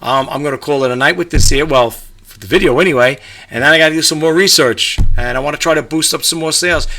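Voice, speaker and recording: A man's voice: a little high, fast talker, bright, forceful tone. A middle-aged man from New York vlogging from his home about reselling, rambling casually with lots of fillers and restarts. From New York, USA. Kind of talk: casual talk to camera. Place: home room with a grandfather clock.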